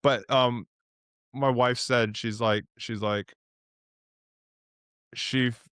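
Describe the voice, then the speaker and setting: A man's voice: fairly even intonation, very slow, fairly bright tone, smooth, no echo, clean studio sound. A man hosting a podcast interview, talking earnestly and emotionally, at times getting teary. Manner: mimics himself with a much higher voice in quoted asides. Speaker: podcast host. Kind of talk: casual interview chat.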